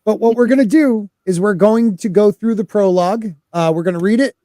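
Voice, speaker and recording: A man's voice: sits high, a little fast, mellow. A man hosting a casual podcast chat, loose and talkative, greeting live chat viewers as he goes. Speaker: podcast host.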